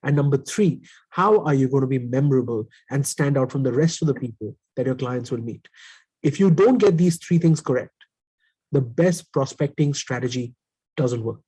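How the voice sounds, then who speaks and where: A man's voice: medium pitch, moderate pace, warm tone, breathy edge, poor audio. A man on a panel coaching salespeople, laying out his advice point by point. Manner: instructive, lays out points in numbered steps. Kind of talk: coaching talk.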